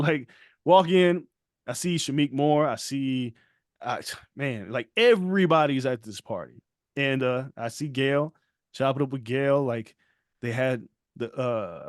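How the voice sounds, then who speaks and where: A man with a medium-pitched voice co-hosts a podcast, recorded dry and at studio quality. Chatting casually, he tells a story with real animation, acting out what people said and laughing often.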